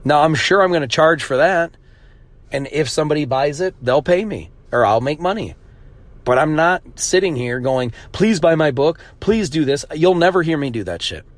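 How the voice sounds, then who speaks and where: A man's voice: a little high, lively intonation, normal speed, no room sound. A man hosting a solo podcast, talking in a blunt, profane, ranting way. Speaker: podcast host. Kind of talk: casual monologue.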